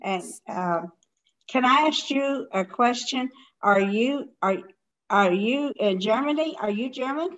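An older woman hosting a casual conversation, talking in a halting, rambling way with many restarts. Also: a little high, lively intonation, a bit bright, lo-fi sound. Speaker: host.

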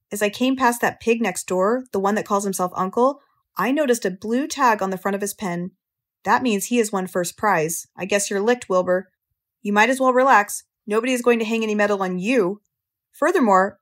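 A woman voicing a gluttonous, boastful male rat in an audiobook, in a husky, hoarse voice, snarling and gloating. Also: medium pitch, normal speed, lightly acted. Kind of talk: audiobook character reading.

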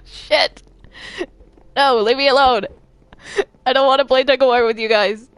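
A jittery cartoon ink demon, played by a woman in a game role-play. He speaks slowly in a slightly high voice, protesting and begging to be left alone. Nervous laughs keep slipping into his complaints. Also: fairly even intonation, clean tone, no echo. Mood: panicked. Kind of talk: Minecraft role-play voice acting.

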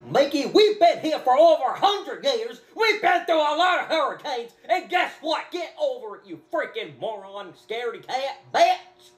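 A rude, dopey cartoon dog. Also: male voice, very high voice, very animated, moderate pace, hardly any pauses. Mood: angry. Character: grouchy male cartoon dog, rude and stubborn.

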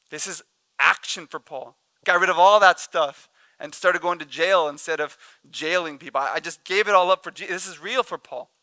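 A pastor preaching a sermon, telling stories with humor and acting out the people in them. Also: male voice, a little high, clear, resonant tone, no room sound. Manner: animated, jokey storytelling with laughs and acted-out quotes. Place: church.

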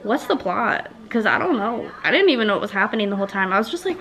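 A woman's voice: mid-range voice, sing-song, quick pace, fairly bright tone. A young woman, chatting casually to camera about her small business, gushing and sometimes dropping to a whisper. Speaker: vlogger running a small wax melt business.

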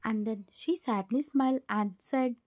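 Female storybook narrator, high and mellow, steady plain delivery. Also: measured pace. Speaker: fan fiction narrator. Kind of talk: scripted second-person story narration.

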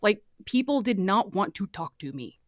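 A woman with a light Southern accent, a guest telling her story in a candid, animated, casual way. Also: medium pitch, normal speed, no echo, studio quality. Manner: candid, animated, swears freely.

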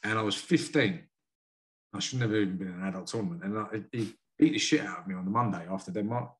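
A man from the UK, a karate sensei and boxing coach, telling stories frankly and earnestly as a podcast guest. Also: on the low side. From United Kingdom. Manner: frank, earnest, quick to admit feelings. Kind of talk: candid storytelling in a podcast interview.

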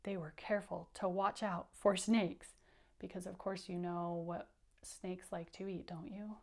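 A woman teacher leading an interactive children's read-aloud, patient and encouraging as she counts along with the kids. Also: mid-range voice.

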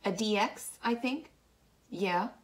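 A woman's voice: mid-range voice, slow, voice pushed up, lightly acted. A woman reading the lines of a shy, earnest young teenage boy.

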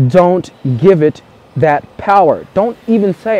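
A man speaking a little high for his sex but with a mellow, dark tone. He coaches earnestly in a vlog monologue, repeating his key points and swearing casually. He is recording outdoors in the cold. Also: sing-song, moderate pace. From United States. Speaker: dating coach.

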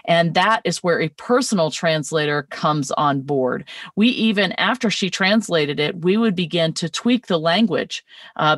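Low-voiced woman, distant dry mic. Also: dry recording. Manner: explains at length, with restarts. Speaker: podcast host and filmmaker. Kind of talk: casual podcast conversation.

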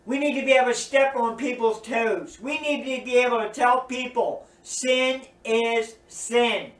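A man's voice: very high voice, normal speed, fairly bright tone. A man preaching a sermon, earnest and emphatic, repeating his points. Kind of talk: recorded sermon teaching. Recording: roomy echo, distant from mic.

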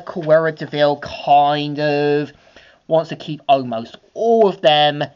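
A woman giving a casual, rambling comic book review, full of fillers. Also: sits low. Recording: dull lo-fi home recording.

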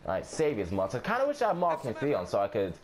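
A man's voice: mid-range voice, wildly swooping pitch, fast, slight background noise. A man giving casual, offhand gameplay commentary, swearing and thinking aloud as he plays.

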